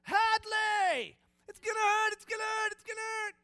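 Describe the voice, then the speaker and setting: A man voicing his panicking seven-year-old daughter, wailing the same words over and over in a shrill voice. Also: steady tone, normal speed, bright, forceful tone, raised voice. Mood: panicked wailing.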